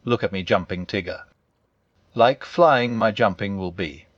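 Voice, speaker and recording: A man reading as a squeaky little kangaroo. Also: a little slow, dry recording, dull audio, close to an everyday voice. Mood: excited. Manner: squeaky, excited. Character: tiny excitable young male kangaroo.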